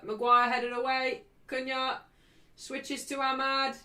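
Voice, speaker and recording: A woman hosting a football watchalong stream, calling the play, cheering loudly and joking brashly with her live chat. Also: on the high side, unhurried. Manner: excitable, shouting cheers at big moments. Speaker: livestream host.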